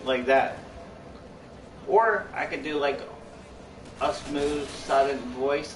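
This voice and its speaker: A man's voice: mid-range voice, expressive, takes it slowly, long pauses, noisy background. A young man live-streaming, chatting casually to his viewers in a rambling, repetitive way that keeps restarting its sentences. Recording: echoey room, far from mic.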